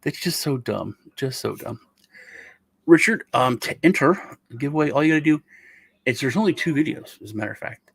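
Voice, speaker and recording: A man's voice: mid-range voice, animated, a little fast, creaky, breathy edge, no room sound. A middle-aged man hosting a casual meme review, rambling and joking as he tells stories. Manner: rambling, joking, self-interrupting. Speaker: host.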